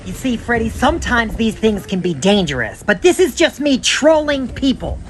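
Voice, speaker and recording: A man's voice: very high voice, big pitch swings, normal speed, a little hiss or hum. A man narrating his prank to camera outdoors with wry, joking asides. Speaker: prank segment reporter. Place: parking lot outdoors.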